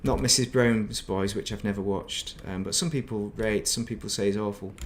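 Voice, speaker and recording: A man's voice: on the low side, steady tone, moderate pace, a little hiss or hum. A middle-aged man chatting casually while streaming a game, rambling and reminiscing and muttering to himself. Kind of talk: casual gaming stream chat.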